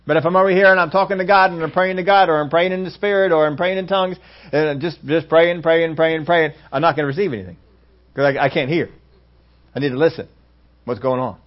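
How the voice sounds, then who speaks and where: Lively male preacher on a dull recording. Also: on the high side, fast. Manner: lively preacher acting out scenes, swinging between loud exclamations and hushed asides. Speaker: pastor. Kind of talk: sermon.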